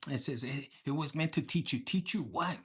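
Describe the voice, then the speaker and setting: A tarot reader does a laid-back collective reading, animated and blunt, cursing freely and dropping Spanish words as she goes. Her voice is mid-range and husky, at a moderate pace.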